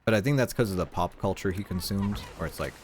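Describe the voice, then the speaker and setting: With a deep voice and a quick pace, a man chats casually while streaming a shooter game, swearing freely in a neutral accent. There's slight background noise, and the game's gunfire blasts loudly behind him.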